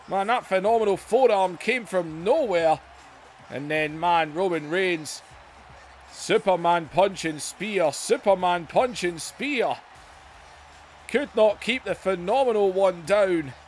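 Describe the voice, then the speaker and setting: High-voiced man calling game wrestling. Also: a little hiss or hum. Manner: excitable, bursts into shouts. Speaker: YouTube gaming host. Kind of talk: excited wrestling play-by-play over a video game.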